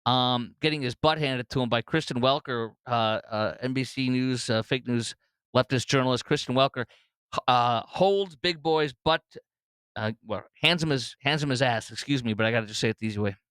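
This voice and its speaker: A man's voice: medium pitch, moderate pace, fairly bright tone, clean tone, dry recording. A man hosting a political talk show, rambling through commentary with many fillers and restarts.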